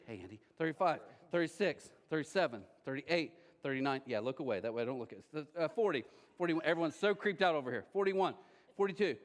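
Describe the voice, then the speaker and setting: A male pastor preaching a sermon in an animated, joking way, acting scenes out with a volunteer in a church auditorium. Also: a little high. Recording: long reverb of a large church hall.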